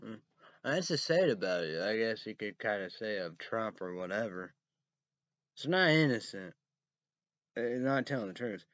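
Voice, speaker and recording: A man reading news headlines aloud and ranting about them in a rambling, casual way, breaking into loud outbursts and cursing. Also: fairly low pitch, lively intonation, dry recording, muffled recording. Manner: reads headlines slowly, then rants loudly with cursing.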